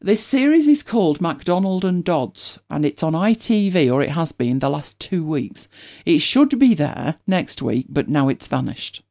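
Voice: medium pitch, sing-song, normal speed, hardly any pauses, a little mellow. Chatty British host, rambling. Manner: chatty and rambling, with many restarts. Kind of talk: casual chat.

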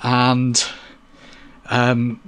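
A man speaking at a slow, easy pace on a casual live stream. He tells his anecdote without rushing and drops in dry asides, at an everyday mid pitch. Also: completely flat delivery, fairly bright tone, clear, resonant tone. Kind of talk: casual chat, telling anecdotes.

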